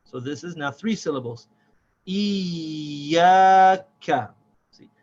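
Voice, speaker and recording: A man teaching a recorded reading lesson, who patiently breaks words into syllables and repeats them slowly. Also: fairly high pitch, fairly bright tone, muffled recording.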